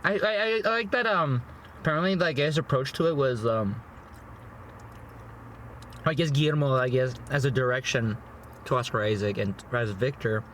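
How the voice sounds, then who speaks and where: A young man, a food vlogger and movie reviewer, chats casually while eating in his parked car and reviewing a movie, rambling, repeating words, and saying "you know" and "bro" a lot. His mid-range voice is fairly bright, moves at a moderate pace with frequent pauses, and there's a little hiss or hum.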